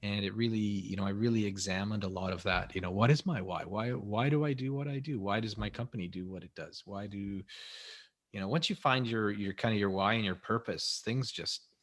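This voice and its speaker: A podcast host with a low voice muses aloud, circling his ideas with repeated words and restarts. His delivery is loose and conversational. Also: brisk, fairly bright tone. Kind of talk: casual interview talk.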